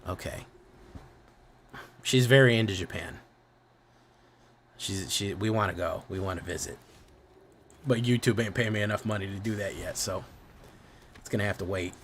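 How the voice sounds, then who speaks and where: A man's voice: lowish voice, normal speed, pauses often, a bit bright, a little hiss or hum. Rambling profane Midwest man streamer. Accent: American Midwest. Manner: profane, rambling, self-correcting. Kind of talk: casual livestream chat.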